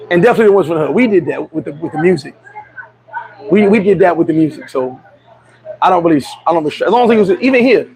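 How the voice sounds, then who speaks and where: A man's voice: high-pitched, gravelly, rough recording. A man hosting a casual livestream chat, telling blunt, profane stories. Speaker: livestream host.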